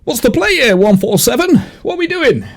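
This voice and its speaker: A man voicing a confused male prison guard who shouts in disbelief. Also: very high voice, big pitch swings, a little fast, voice pushed up, exaggerated voice. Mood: incredulous. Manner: incredulous, raised shouting.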